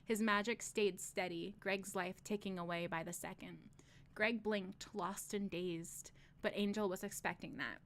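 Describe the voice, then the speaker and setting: Give me a woman reading a novel aloud on stream, steady but with joking asides. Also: medium pitch, unhurried. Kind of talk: casual read-aloud with asides.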